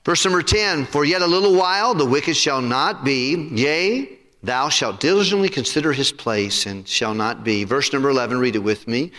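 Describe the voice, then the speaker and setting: Pastor, male, forceful bright tone, preaching sermon with call-and-response questions, church hall reverb. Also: mid-range voice, moderate pace, hardly any pauses. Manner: preaching with rising emphasis and congregational questions. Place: church sanctuary.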